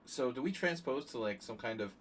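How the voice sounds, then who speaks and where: A man streaming chess, chatting casually and thinking out loud with joking asides to his viewers. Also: medium pitch, animated, brisk, a little hiss or hum. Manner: chatty, thinking aloud, jokey asides to chat. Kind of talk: casual live-stream commentary.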